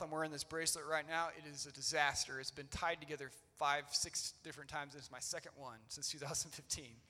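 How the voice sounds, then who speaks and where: A man's voice: fairly high pitch, sharp tone. A man in his thirties preaching a sermon in an old church, earnest and conversational with loose fillers. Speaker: pastor. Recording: long church-hall reverb.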